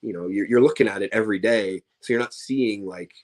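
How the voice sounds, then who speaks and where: A man's voice: lowish voice, a little fast, a little mellow. A man, a professional wrestler, chatting casually as an interview guest, tired and rambling with many restarts and fillers. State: tired, yawning.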